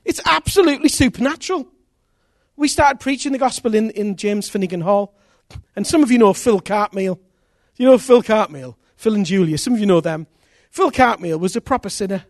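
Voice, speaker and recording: The recording is dry and clean, studio-grade, carrying a man's high voice at a slightly fast clip. He's preaching, animatedly telling conversion stories in which he acts out each person and repeats phrases.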